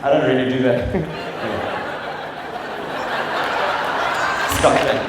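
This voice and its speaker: A young South African man doing live stand-up comedy, animated and full of impressions and sound effects. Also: medium pitch, drawn-out words. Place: stage in a large venue. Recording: echoey hall with audience noise.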